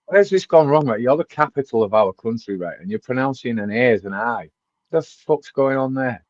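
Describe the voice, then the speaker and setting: A man's voice: mid-range voice, lively intonation, moderate pace, a little mellow, no echo, muffled recording. A man co-hosting a casual football podcast, blunt and sweary, mock-ranting. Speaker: podcast co-host.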